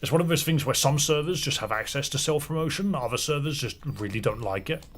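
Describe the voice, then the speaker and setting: Husky-voiced man chatting through a game. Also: fairly high pitch, fast, soft background music. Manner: chatty, muttering asides to himself. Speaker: streamer playing a fangame. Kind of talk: casual gaming commentary and reading dialogue aloud.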